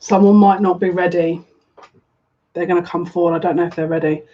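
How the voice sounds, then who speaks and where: Speaking briskly in a steady, medium-pitched voice, a tarot reader runs a laid-back live reading at home while lighting incense. They keep repeating themselves and saying "yeah, look." The audio is dull, lo-fi and faintly noisy.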